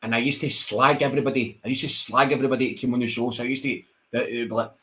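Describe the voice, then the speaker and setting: A man's voice: mid-range voice, rapid-fire. A Scottish man, a wrestler guest on a radio show, telling stories in casual chat and acting out the voices. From Scotland. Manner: animated storyteller, acts out voices, laughs often.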